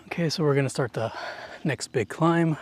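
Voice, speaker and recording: A man's voice: fairly high pitch, normal speed, slight background noise. Chatty young man vlogging a mountain hike. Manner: chatty and rambling, full of "like". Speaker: hiking vlogger. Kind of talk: casual vlog narration while hiking. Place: outdoors on a mountain trail.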